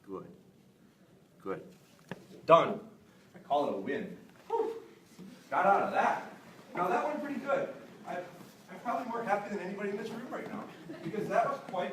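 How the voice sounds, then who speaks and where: Chatty man running a dog-training seminar. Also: slight background noise. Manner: chatty, joking, jumps to high excited praise voice. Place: large store hall with audience. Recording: roomy echo, mic at a distance.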